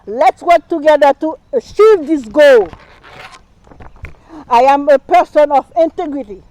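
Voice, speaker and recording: Passionate woman with a non-native accent, slow and high. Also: dark tone, no room sound, poor audio. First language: not English. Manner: impassioned, repetitive, speaks non-native English with slips. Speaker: town council candidate. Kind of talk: campaign speech. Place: live stream rally.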